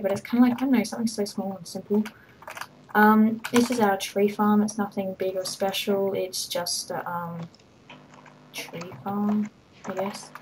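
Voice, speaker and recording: In a low-quality recording with a little hiss or hum, a woman with a medium-pitched, darkish voice gives a casual walkthrough of her game server. She's rambling and hesitant, full of ums and little laughs.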